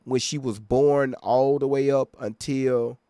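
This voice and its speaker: A man's voice: mid-range voice, steady tone, slow, mellow, clean tone, no echo, studio quality. A man hosting a reaction video, talking straight to his viewers in an emphatic way and often checking they follow him. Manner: emphatic, keeps checking in with listeners. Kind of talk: casual commentary to viewers.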